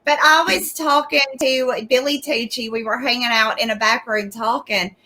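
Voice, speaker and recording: A woman's voice: on the high side, steady tone, moderate pace, pushed and bright, rough recording. A young woman guest in a casual interview, chatty, acting out quotes of herself and laughing often. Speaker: guest YouTuber.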